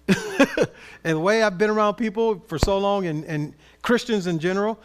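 A man preaching a sermon in an animated, conversational way with playful asides. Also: sits high, normal speed, clean tone. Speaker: pastor.

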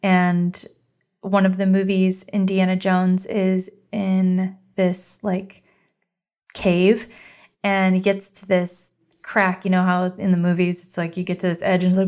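A woman's voice: medium pitch, level tone, unhurried, a little mellow, clear, resonant tone. A woman in her thirties hosting a solo podcast, talking earnestly and encouragingly about trust and surrender. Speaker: podcast host.

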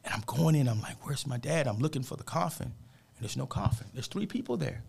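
A motivational speaker appears as a radio guest, his mid-range voice gravelly, fry-edged and a little mellow. Speaking fairly quickly with lively intonation, he tells a personal story earnestly and preachily, dropping "man" between his points.

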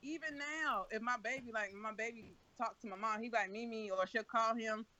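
A Southern woman co-hosting a podcast, blunt and lively as she spins everyday stories and plays out the voices of people in them. Her tone is bright and sharp. The recording is dull and lo-fi. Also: fairly high pitch, a little fast. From Southern United States. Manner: blunt, animated storyteller acting out quotes. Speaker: podcast co-host. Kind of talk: casual chat. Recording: dull lo-fi sound.

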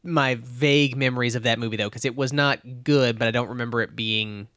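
A man's voice: medium pitch, steady tone, a little fast, bright, forceful tone, smooth, no echo, studio quality. A man co-hosting a casual movie review podcast, blunt and rambling, with lots of fillers and swearing. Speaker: podcast co-host.

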